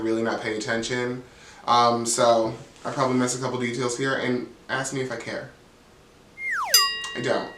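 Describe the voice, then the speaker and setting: In a reverberant room, seemingly far from the microphone, a man with a medium-pitched, fairly bright voice rips through a casual reality show recap. His commentary is sassy and blunt, with free swearing and constant use of "like."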